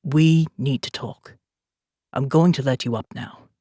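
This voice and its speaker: A woman narrator voicing a calm male operative leader with a faint South African accent, speaking quietly and with authority. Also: very deep voice, a little slow, breathy edge, no echo, clean studio sound, pitched below the performer's own voice, heavily acted. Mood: calm, persuasive.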